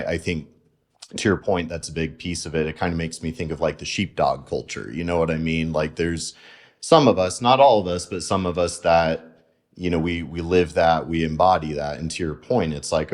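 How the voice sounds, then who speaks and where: Low-voiced casual podcast host man. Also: a little mellow. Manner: laid-back, peppered with "like" and "you know". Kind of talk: casual interview chat.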